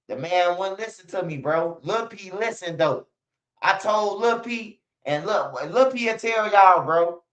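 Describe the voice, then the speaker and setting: A man's voice: sits high, a little slow, a bit bright. A man hosting a casual livestream, talking loosely and swearing often. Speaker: streamer. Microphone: streaming setup. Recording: slightly dull lo-fi stream audio.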